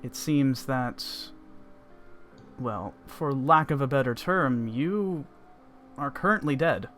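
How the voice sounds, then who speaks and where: A man voicing a cryptic otherworldly male spirit guide who speaks in a calm, dry, matter-of-fact way. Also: medium pitch, slow pace, over music, natural voice.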